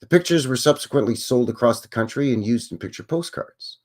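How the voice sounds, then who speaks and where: A man's voice: medium pitch, expressive, fairly quick, darkish tone. A man hosting a live stream, reading passages aloud and breaking off for wry, self-deprecating comments.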